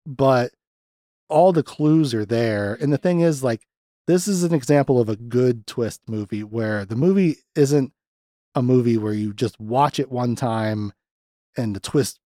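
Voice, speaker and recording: A man hosting a podcast, chatting loosely about a movie with lots of restarts and animated asides. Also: medium pitch, unhurried, no room sound, studio quality. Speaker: podcast host. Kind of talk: casual film discussion.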